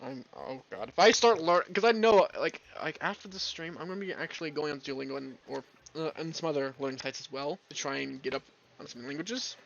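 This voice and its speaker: A man from Canada chatting casually on a live stream in a rambling, halting way. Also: on the high side, gravelly, a bit bright, muffled recording. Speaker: streamer reading a visual novel.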